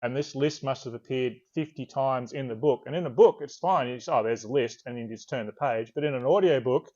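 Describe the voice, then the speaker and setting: A man's voice: mid-range voice, fairly quick. An Australian man chats loosely and at length, circling back on his own sentences as he tells a story. His voice sits mid-range and comes through a dull, lo-fi call line. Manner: relaxed, rambling storyteller, swears casually. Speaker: author guest. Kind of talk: casual interview chat. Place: video call.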